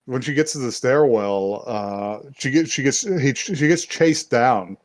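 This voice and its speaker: Rambling, profane podcast host. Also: male voice, mid-range voice, animated, a little slow, dry recording. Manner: rambling, profane, laughs often. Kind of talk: casual chat, recapping an anime.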